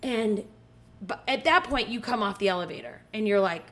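A woman's voice: medium pitch, lively intonation, normal speed, fairly bright tone. A woman in her thirties telling a story in a casual, profane chat. She talks with energy and acts out the voices of the people in her story.

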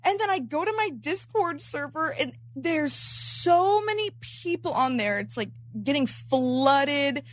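Young woman, high voice, dry close sound; lively slangy storyteller who keeps quoting herself. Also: a little slow, hardly any pauses, no room sound. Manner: animated, laughing, quoting herself; slangy and profane. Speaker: content creator. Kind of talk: casual storytelling.

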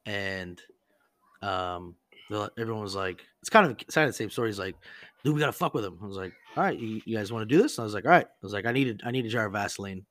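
A man's voice: on the low side, fast, fairly bright tone, dry recording. A man casually telling a crude prank story on a podcast, rambling and profane, full of "like" and acted-out quotes.

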